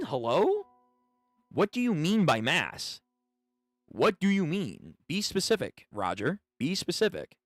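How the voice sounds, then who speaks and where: A man's voice: on the high side, wildly swooping pitch, measured pace, no room sound, faint music behind. A young man live-streaming his reaction to a manga chapter, reading it aloud and swearing as he talks back to the page.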